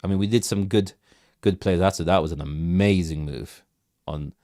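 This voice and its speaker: A man with a lowish voice hosts a crypto livestream, talking through market levels in a loose, rambling way. He restarts sentences, repeats words and keeps asking the chat what to look at, recorded close and dry. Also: normal speed, mellow, no echo. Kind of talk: casual live market commentary.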